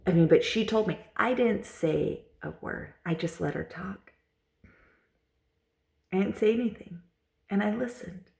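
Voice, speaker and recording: A woman's voice: medium pitch, a little slow, gravelly, long pauses, mellow. A woman vlogger telling a personal story in a casual, rambling way, repeating herself and using lots of fillers.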